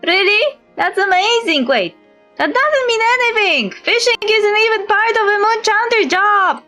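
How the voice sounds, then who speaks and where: A woman voicing a small, excitable female fairy companion, reading game dialogue aloud. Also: very high-pitched, unhurried, soft background music, voice pushed up, exaggerated voice. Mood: excited.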